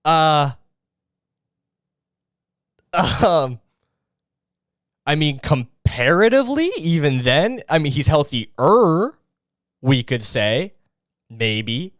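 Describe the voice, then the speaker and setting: A man's voice: on the high side, sing-song, very slow, pauses often, no room sound, clean studio sound. A young man hosting a comedy podcast, rambling and swearing with lots of filler words. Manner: rambling, profane, full of fillers. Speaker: podcast host.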